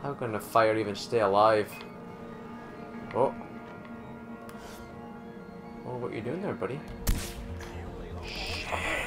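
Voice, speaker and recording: A man giving live gameplay commentary, excitable and swearing a lot, talking at the enemies on screen. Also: lowish voice, unhurried, music in the background. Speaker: gamer doing a let's play.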